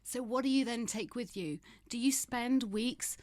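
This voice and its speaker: A woman in her fifties, a guest in a candid interview, speaks frankly and emphatically with wry humor. Her voice is a little high, unhurried and slightly mellow, with no room sound.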